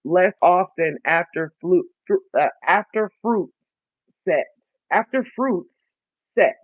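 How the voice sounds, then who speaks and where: High-voiced man chatting through his first garden. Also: dry recording. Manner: chatty, self-mocking, reads labels aloud haltingly. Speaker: vlogger. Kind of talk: casual chat while gardening. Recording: dry, tinny phone-like sound.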